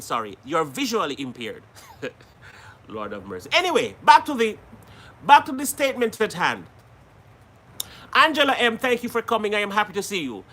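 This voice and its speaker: Lively high-voiced Jamaican-born man hosting. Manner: lively, laughs often, greets viewers by name. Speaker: live stream host. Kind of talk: casual live stream chat with viewers.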